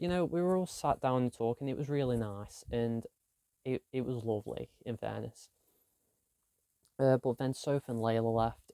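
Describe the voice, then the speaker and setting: A man's voice: mid-range voice, mellow, clean tone, no room sound, studio quality. A young man, chatting casually about his week in a rambling, self-deprecating diary vlog. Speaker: vlogger.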